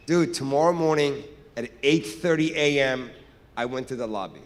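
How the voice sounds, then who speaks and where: Animated man telling a stand-up story. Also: mid-range voice, moderate pace, a little hiss or hum. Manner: animated, profane, acts out scenes. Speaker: stand-up comedian. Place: stage in a large hall. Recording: echoey hall with reverb.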